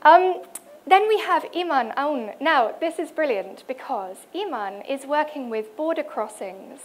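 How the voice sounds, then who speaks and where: A British woman with a high, expressive voice speaks unhurriedly in an event hall, with slight background noise. Presenting at a cultural event, she introduces other artists hesitantly, full of fillers and restarts, and reads out quotes like a conference speaker.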